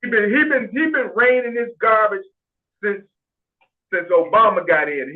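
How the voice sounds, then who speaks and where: Man, blunt, swears freely, high-pitched, tinny video call audio. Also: moderate pace. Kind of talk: casual group video call chat.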